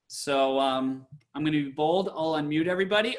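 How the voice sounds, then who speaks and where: A man's voice: fairly high pitch, fairly quick, hardly any pauses. A man teaching a cantor's class on a video call, chatty and playful, slipping into chant.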